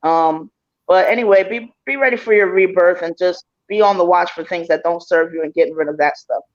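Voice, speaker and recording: A man giving a casual spiritual reading, speaking hesitantly with many pauses and fillers. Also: high-pitched, muffled recording. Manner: hesitant, many ums, reflective. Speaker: tarot reader and co-host.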